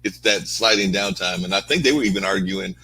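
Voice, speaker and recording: A man's voice: low-pitched, fairly quick, pushed and bright, breathy edge, rough recording. A male host talking casually, rambling, filling his speech with "like". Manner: rambling, lots of "like". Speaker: show host. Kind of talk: casual chat.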